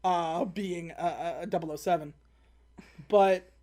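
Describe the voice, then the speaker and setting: Woman animatedly retelling a film plot. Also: lowish voice. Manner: animated retelling, acting out characters in quick voices. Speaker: podcast co-host recapping a film. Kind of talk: casual chat.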